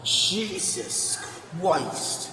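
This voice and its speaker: A man voicing a foul-mouthed, hyper male cartoon cat in amateur voice acting, talking erratically and bursting into yells. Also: high-pitched, sing-song, drawn-out words, a crowd in the background, exaggerated voice. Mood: ranting. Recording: echoey room, far from the mic.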